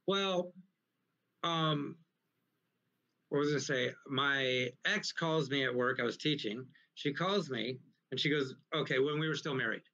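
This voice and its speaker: A man's voice: medium pitch, a little slow. A man who works as a comedian telling rambling, profane stories in a casual live interview. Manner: rambling, profane, animated anecdotes. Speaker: guest comedian. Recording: muffled, lo-fi recording.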